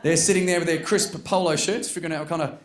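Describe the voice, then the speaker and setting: Australian stand-up comic, animated delivery. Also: male voice, a little high, fast talker, a crowd in the background. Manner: animated, jumps into loud character voices. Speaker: stand-up comedian. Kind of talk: stand-up storytelling. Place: comedy stage. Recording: roomy venue with faint noise.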